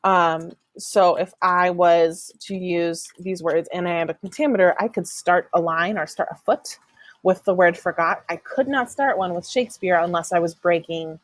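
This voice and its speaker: Lower-voiced woman teacher, dry sound. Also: no room sound. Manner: explanatory, frequent "um" fillers, demonstrates stress patterns aloud. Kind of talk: recorded online class lecture.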